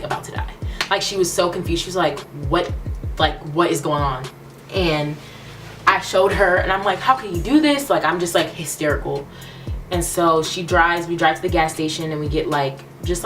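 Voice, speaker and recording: Low-voiced young woman telling a story. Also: fairly bright tone, far from the mic. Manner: candid, emphatic, repeats phrases for emphasis. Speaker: vlogger. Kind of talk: storytime vlog.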